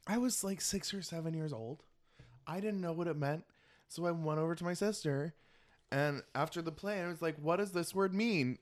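A man hosting a casual podcast chat, campy and animated, telling stories with lots of laughter while eating. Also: a little high, normal speed. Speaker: podcast host. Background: eating while talking.

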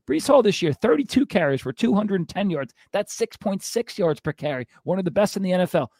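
A man's voice: high voice, very animated, a little fast, hardly any pauses, darkish tone, no echo, studio quality. A man co-hosting a sports podcast, ranting in a fired-up, exasperated way. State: out of breath. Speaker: podcast co-host.

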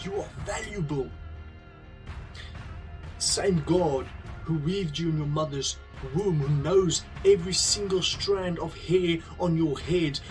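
A man giving an earnest, conversational devotional talk, telling a parable and then drawing a lesson from it. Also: a little high. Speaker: speaker sharing a devotional message.

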